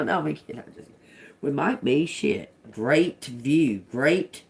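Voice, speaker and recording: Slow, musing woman reading tarot. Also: deep voice, animated, vocal fry, a little mellow, a little hiss or hum. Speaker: tarot reader. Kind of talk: live-streamed tarot reading.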